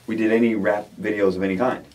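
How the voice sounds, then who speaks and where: A man's voice: fairly low pitch, little pitch movement, fast talker, a little mellow. A man co-hosting a casual studio chat, upbeat and rambling, restarting his sentences often. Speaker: co-host of a comedy rap video series. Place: their recording studio. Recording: voice a bit far from the mic.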